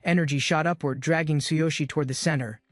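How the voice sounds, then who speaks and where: A man's voice: a little high, fairly even intonation, fast talker, no echo, clean studio sound. A man giving scripted, dramatic narration of a comic-book recap.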